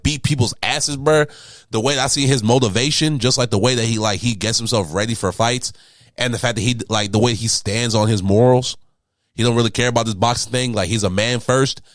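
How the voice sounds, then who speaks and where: A man's voice: medium pitch, brisk, no room sound, clean studio sound. A man in his twenties co-hosting a podcast, bantering casually in slang and swearing freely. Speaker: podcast co-host. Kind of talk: casual chat.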